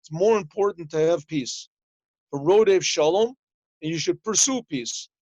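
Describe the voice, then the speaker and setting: A rabbi teaches a yeshiva class a Torah lesson over a video call, explaining in plain talk, translating Hebrew phrases as he goes, and acting out small dialogues in his stories. His voice is slightly high, with a darkish tone at normal speed. The call audio is slightly muffled and lo-fi, with no echo.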